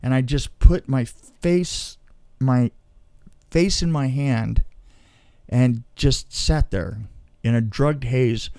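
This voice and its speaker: A man of ordinary pitch tells a rambling personal story, chuckling as he goes and often restarting his sentences. The sound is dry and close, with no room around it. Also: slow pace, darkish tone, no echo. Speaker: storyteller guest. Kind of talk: casual anecdote.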